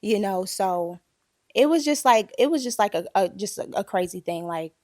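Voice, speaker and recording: A woman's voice: mid-range voice, expressive, normal speed, no room sound, studio quality. A woman telling a painful personal story in a candid group conversation, emotional and holding back tears.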